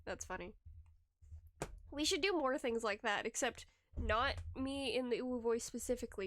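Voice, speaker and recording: A woman's voice: fairly high pitch, lively intonation, normal speed, a bit bright, dry recording. A young adult woman livestreamer chatting casually with her viewers, rambling, laughing often and restarting her sentences, close to a desk microphone. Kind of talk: casual stream chat reading chat.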